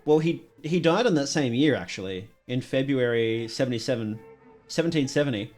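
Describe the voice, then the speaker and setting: A man's voice: mid-range voice, animated, fairly quick, a little mellow, soft background music. A man streaming a live reaction, thinking aloud with curious, enthusiastic comments and musing questions. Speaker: streamer reacting to a horror series.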